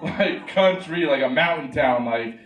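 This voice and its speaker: A stand-up comic, his voice sitting a little high for a man. He rambles and mocks himself with quick asides to the crowd. The sound is roomy and distant, taken from a camera out in the club. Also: lively intonation, a bit bright, highs cut off. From New York. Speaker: stand-up comedian. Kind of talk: stand-up comedy set. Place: comedy club stage. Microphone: handheld stage mic heard from the room camera. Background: audience laughter.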